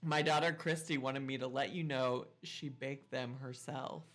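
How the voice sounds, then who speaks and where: A man's voice: mid-range voice, steady tone, measured pace, fairly bright tone, faint music behind, natural voice. A man voicing a cheerful, clean-cut suburban dad neighbor with a chipper, overly friendly manner.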